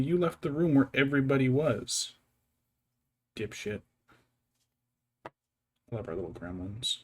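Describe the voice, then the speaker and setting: A man's voice: medium pitch, expressive, unhurried, long pauses, slight background noise. Man chatting on a stream, mid-range voice, rambling, muttering to himself and his cat, wry mock-drama, casual. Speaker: miniature painting streamer. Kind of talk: casual livestream chat while working.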